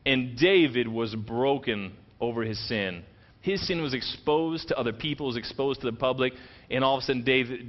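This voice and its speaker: In a lo-fi recording, a pastor with a slightly high voice delivers a sermon. He recounts a scripture story with animated, everyday language, performing the quoted lines.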